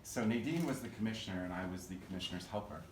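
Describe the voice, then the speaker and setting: A man from Oregon introducing a guest speaker with a casual story, halting and full of fillers and restarts. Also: fairly low pitch. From Oregon, USA. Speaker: event host introducing a speaker. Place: meeting room. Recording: roomy, distant, noisy room mic.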